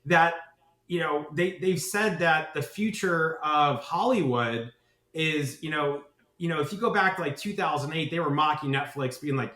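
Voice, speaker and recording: A man's voice: on the high side, moderate pace, bright, forceful tone, reverberant. A man who founded a marketing agency, speaking as a podcast guest, talking with enthusiasm and rambling, often tagging his points with "right?". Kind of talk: podcast interview.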